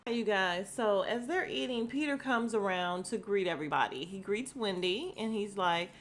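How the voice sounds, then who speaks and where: A woman hosting a podcast, giving a sassy, blunt recap of reality show drama with mild profanity and quick mimicry of what people said. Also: medium pitch, expressive. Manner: acts out quoted lines in bursts of mimicry. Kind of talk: casual recap commentary.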